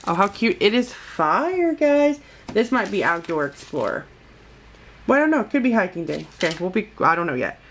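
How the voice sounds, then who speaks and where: A woman's voice: mid-range voice, very animated, normal speed, slight background noise. A woman vlogger from the United States chatting casually through a toy unboxing, gushing and calling her viewers guys.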